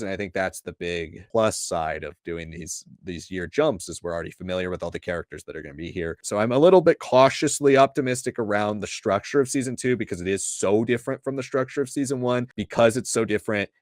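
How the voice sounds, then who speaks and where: A man co-hosting a casual livestream chat, giving a brisk, organized rundown. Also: on the low side, darkish tone, dry recording, clean studio sound. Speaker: co-host.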